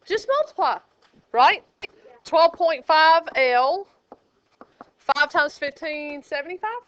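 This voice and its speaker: High, bright, teasing woman teacher. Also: slow pace. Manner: sassy, teasing and lively with students. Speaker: math teacher. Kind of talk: classroom teaching. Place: classroom. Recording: dull lo-fi classroom recording.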